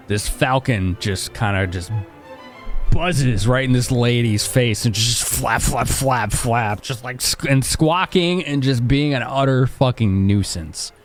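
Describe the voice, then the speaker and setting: A man's voice: mid-range voice, slow, faint music behind. A man narrating as game master in a tabletop game, talking loosely and chattily.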